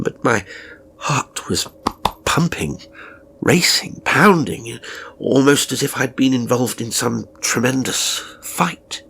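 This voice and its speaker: A man's voice: medium pitch, animated, takes it slowly, creaky, a bit bright, husky. A man narrating an audio horror story in the first person, rambling and confessional, with hesitant restarts.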